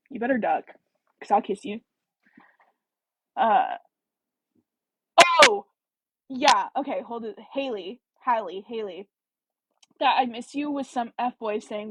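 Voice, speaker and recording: A woman hosts a casual book-chat livestream in a fairly high, slightly husky voice. She talks in an animated, chatty way and reacts to viewer comments as she goes. The sound is dry and close. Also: no room sound, rough recording. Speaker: book club host.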